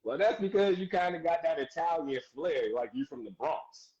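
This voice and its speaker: Lively man DJ on lo-fi audio. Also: a little high, moderate pace. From United States. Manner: animated, laughs often, gives shout-outs. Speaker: DJ guest. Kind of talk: casual live-stream interview.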